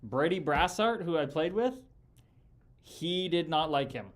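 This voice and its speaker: A man's voice: a little high, animated, a little slow. A man hosting a casual live chat, telling rambling, profane stories about his pro hockey days with lots of fillers and restarts. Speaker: podcast host and former pro hockey player. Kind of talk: casual livestream chat with viewers.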